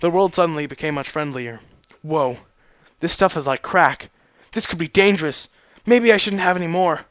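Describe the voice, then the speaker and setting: Animated high-voiced man reading a story. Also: fairly quick, dry recording. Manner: animated, goofy, self-mocking. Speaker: amateur audiobook reader. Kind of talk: reading fan fiction aloud and joking about it.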